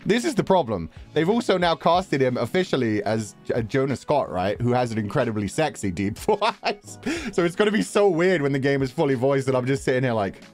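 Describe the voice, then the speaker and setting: A man's voice: medium pitch, sing-song, soft background music. Joking, rambling young man streamer. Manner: joking, rambling, quick to laugh. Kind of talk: casual game commentary.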